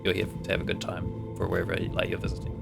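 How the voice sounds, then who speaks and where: A man's voice: low voice, completely flat delivery, racing, creaky. A man streaming a video game live, chatting casually with a co-player, rambling and swearing freely. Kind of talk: casual let's-play chat. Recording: game music playing behind. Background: game music.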